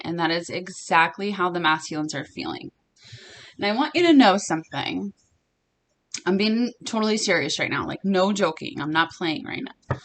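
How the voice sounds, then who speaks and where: A woman's voice: fairly low pitch, fairly bright tone, a little hiss or hum. A young woman giving a casual tarot reading to her viewers, talking earnestly and emphatically and repeating her phrases. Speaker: tarot reader.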